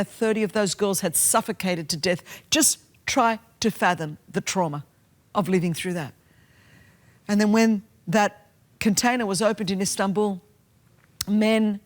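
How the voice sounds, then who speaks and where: A middle-aged woman preaching with earnest conviction. Her voice sits at a middle pitch, and she drives her points home with rising, passionate emphasis. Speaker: speaker and activist. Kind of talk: sermon storytelling.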